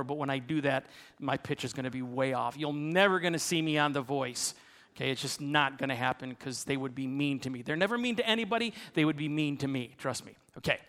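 A man's voice: on the high side, sharp tone. A man preaching as a pastor, playfully self-deprecating as he coaxes the congregation into a sung round. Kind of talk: sermon with congregational song leading. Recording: long reverb of a large hall.

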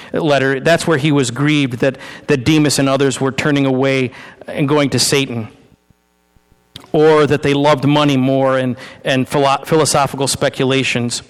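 A male pastor with a somewhat high voice delivers a loose, conversational sermon in a church, repeating and restarting words as he goes. He chats and jokes with the congregation between points. Long hall reverb trails each phrase. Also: clear, resonant tone. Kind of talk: conversational sermon with live demonstration. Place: church sanctuary.

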